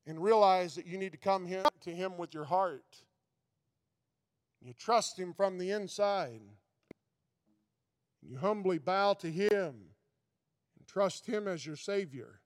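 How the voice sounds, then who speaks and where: A man's voice: high voice, measured pace, long pauses, smooth. A man preaching a sermon as pastor, reading scripture aloud and pressing his points with emphatic exhortation. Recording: long reverb of a large hall.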